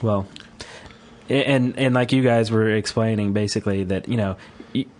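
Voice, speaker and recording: A man hosting a gaming podcast in casual chat, easygoing and quick to laugh. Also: lowish voice, steady tone, a little mellow. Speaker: podcast host.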